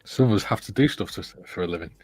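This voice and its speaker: A man's voice: low voice, fast talker, a little mellow, husky. A man hosting a livestream chat, teasing his co-host and reading out viewer comments. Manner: joking and teasing, reads comments aloud. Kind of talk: casual chat.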